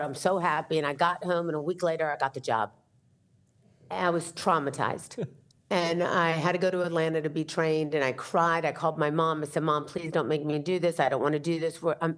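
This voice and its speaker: Lively storytelling woman, lowish voice. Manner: animated, acts out the dialogue in her stories. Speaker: entrepreneur and author, guest. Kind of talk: storytelling in an interview.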